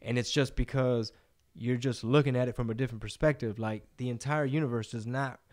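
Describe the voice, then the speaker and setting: Guy on a podcast, loose and animated, cussing and throwing slang around. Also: mid-range voice, brisk. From Texas. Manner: animated, profane, slangy storytelling. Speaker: podcast host. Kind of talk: casual podcast chat.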